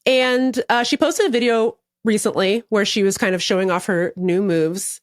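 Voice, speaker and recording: A woman co-hosting a podcast, chatting casually in a wry, deadpan way with some swearing. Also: medium pitch, moderate pace, no room sound, studio quality. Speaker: podcast co-host.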